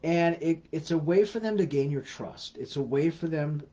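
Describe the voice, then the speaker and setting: Man with a mellow voice on a livestream. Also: fairly high pitch, moderate pace. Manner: chatty, repeats words and restarts often. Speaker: host of a scam-awareness livestream. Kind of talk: casual livestream Q&A. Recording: slightly dull lo-fi livestream audio.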